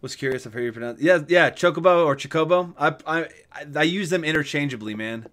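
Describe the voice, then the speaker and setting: A man streaming a game, giving casual let's-play commentary in an excitable, joking, rambling way. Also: a little high, fast.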